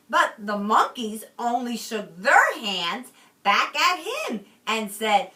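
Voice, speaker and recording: A woman teacher reads a picture book aloud to her class, pausing often to ask the children questions. Her voice is high, bright and very lively, and she takes her time. The recording sounds roomy and a little far off. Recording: roomy, from a distance.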